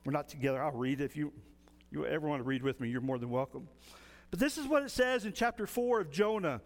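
A male pastor preaching a folksy, animated sermon. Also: on the high side, fast, long reverb tail.

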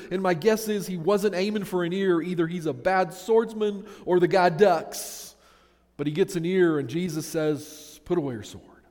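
A man's voice: high voice, darkish tone, long reverb tail. A man preaching a sermon in a conversational way, asking his listeners rhetorical questions. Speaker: pastor.

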